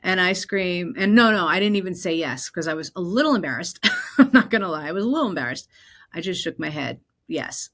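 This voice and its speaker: A woman from New Jersey hosting her own podcast, telling personal stories in an animated way and acting out the voices of the people in them. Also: on the low side, fairly quick. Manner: animated, acts out quoted voices. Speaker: podcast host. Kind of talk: personal storytelling.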